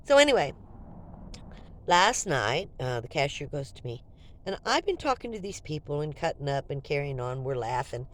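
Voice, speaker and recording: An older woman vlogging, telling a story to her viewers in a casual, animated and jokey way. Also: low voice, moderate pace, slight background noise.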